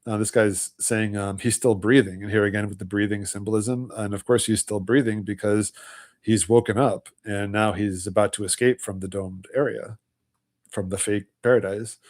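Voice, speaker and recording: Hoarse low-voiced man livestreaming. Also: steady tone, normal speed, darkish tone. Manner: rambling, loose step-by-step explaining. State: hoarse, voice almost gone; tired. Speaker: livestream host. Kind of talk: casual livestream commentary.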